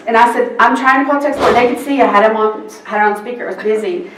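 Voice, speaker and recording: Animated woman telling a story. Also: fairly high pitch, quick pace, slight background noise. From Texas. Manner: animated storyteller acting out quoted exchanges. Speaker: court reporter. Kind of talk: anecdote told to an audience. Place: seminar room. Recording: roomy sound from a distance.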